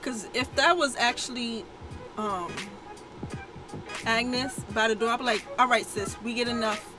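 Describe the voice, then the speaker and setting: A woman's voice: fairly high pitch, measured pace, over music, rough recording. A woman co-hosting a reaction video, recapping an episode in casual, slangy chat.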